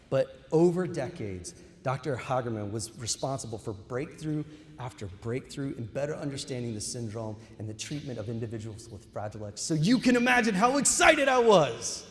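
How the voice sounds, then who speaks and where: A middle-aged man giving a ceremony keynote speech, telling a story and addressing the audience as y'all. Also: mid-range voice. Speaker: keynote speaker. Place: large hall. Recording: echoey hall with long reverb.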